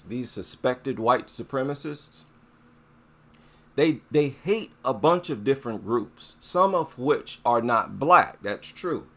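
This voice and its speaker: A man hosting a casual monologue commentary, talking in a slow, deliberate way with filler words and repeated phrases. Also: fairly bright tone. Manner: drawn-out emphasis, rising pitch on stressed points. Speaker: commentary channel host.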